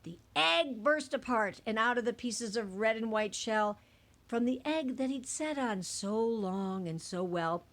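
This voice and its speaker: A woman reads a rhyming picture book aloud with an expressive, singsong delivery. Her voice sits a little high and ranges widely. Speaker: storybook reader.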